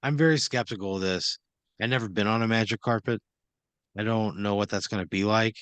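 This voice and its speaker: A man's voice: on the low side, a little fast, a bit bright, clear, resonant tone, no echo. A man playing along in an improvised comedy scene, exasperated and swearing constantly. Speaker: improv player. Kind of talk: improvised comedy role-play.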